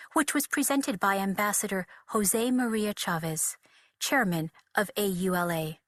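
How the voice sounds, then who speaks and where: A woman giving a steady, measured reading of a devotional text over a video call. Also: medium pitch, no room sound, studio quality.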